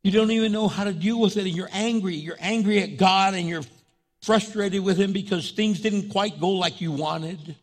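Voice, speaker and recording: A man's voice: high voice, moderate pace. A man pastor giving a sermon in a conversational preaching style, repeating phrases and restarting often.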